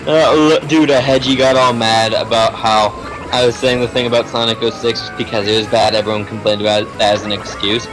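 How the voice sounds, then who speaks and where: A man chatting casually on a gaming stream, animated and slangy, quick to joke and laugh. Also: mid-range voice, low-quality recording. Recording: game music playing behind. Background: game music.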